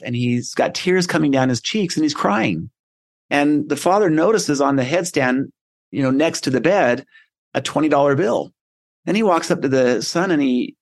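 A middle-aged man hosting a motivational podcast, telling stories in an earnest, conversational way. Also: medium pitch. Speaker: podcast host.

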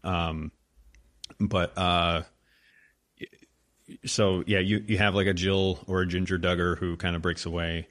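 A man with a low voice talks through a casual podcast discussion. He hedges with many ums and likes, and drops wry asides. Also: level tone, a little slow, pauses often, a bit bright. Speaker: podcast co-host.

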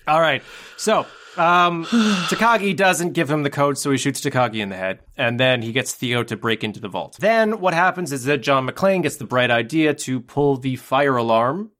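A man's voice: medium pitch, lively intonation, normal speed, fairly bright tone. A man co-hosting a casual movie podcast, retelling the plot at length and laughing often. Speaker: podcast co-host. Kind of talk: casual movie-recap chat.

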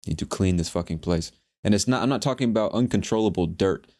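Deep-voiced man, profane casual podcast talk. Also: fast talker. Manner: profane, animated, slangy storytelling. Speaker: podcast host. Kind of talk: casual solo podcast monologue.

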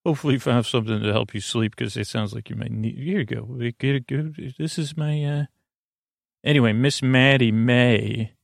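A man hosting a sleep podcast, reading listener reviews aloud in a meandering, halting way full of fillers and restarts. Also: mid-range voice, gravelly, no room sound, studio quality.

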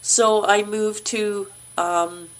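A middle-aged woman, a guest actor in a casual interview, telling a personal story and acting out the voices of the people in it. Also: drawn-out words. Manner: animated, acts out quoted voices with big pitch jumps.

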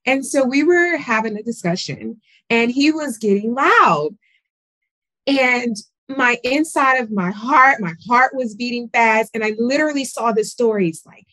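A woman on a group video call, telling a personal story in an animated way. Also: on the high side, unhurried, no room sound. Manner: animated storyteller, acts out voices. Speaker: call participant. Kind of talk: casual group chat.

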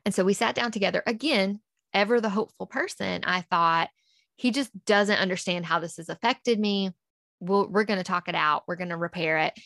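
A woman's voice: mid-range voice, a bit bright, dry recording, studio quality. A woman, a podcast guest, earnestly recounting a personal story and acting out past conversations in quotes.

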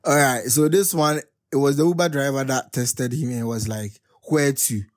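A young man hosting a podcast, reading text messages aloud in casual commentary and often breaking into loud, high laughter. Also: fairly even intonation, moderate pace. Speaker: podcast host.

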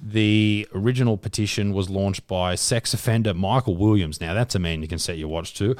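A man's voice: fairly low pitch, brisk, a little mellow, no room sound, clean studio sound. A young man co-hosting a podcast, chatting casually with crude, swearing, jokey banter. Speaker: podcast co-host. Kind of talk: casual chat.

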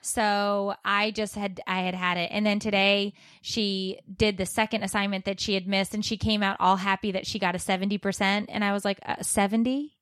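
A woman in her thirties, a mother, chatting as a podcast co-host and telling stories with lively, dramatic flair. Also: medium pitch, moderate pace, hardly any pauses, clean tone, no echo, studio quality. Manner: animated, dramatic storyteller. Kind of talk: casual chat. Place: warm recording room.

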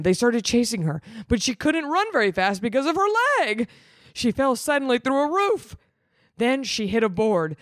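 A woman reading a child's story aloud, breaking off for sarcastic, deadpan comments between the short, halting sentences. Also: mid-range voice, no room sound, studio quality. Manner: sarcastic, deadpan asides between read lines. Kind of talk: comedic reading with sarcastic asides.

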